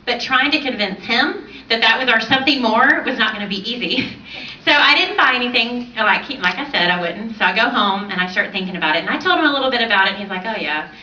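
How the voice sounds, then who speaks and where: Woman in her forties, stage testimony speaker, lively and laughing, dull far-off recording in a big room. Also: fairly high pitch, fast talker, a little hiss or hum. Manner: animated storyteller, laughs often. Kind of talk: personal testimony speech. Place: large event hall on stage. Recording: roomy distant hall audio, dull.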